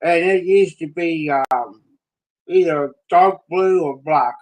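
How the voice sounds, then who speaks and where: Folksy rambling man, slightly high voice. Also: low-quality recording. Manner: rambling, folksy, with pauses and restarts. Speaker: live-stream storyteller. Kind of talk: casual spoken storytelling.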